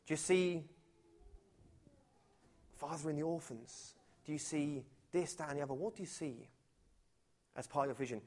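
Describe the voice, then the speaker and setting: A pastor delivers a sermon to his congregation in a relaxed, animated way. His voice sits somewhat high for a man and swings between loud, punchy lines and quiet, intimate questions. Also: normal speed, long pauses. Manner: animated and conversational, swinging from loud to hushed, with many rhetorical questions. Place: church, before a live congregation.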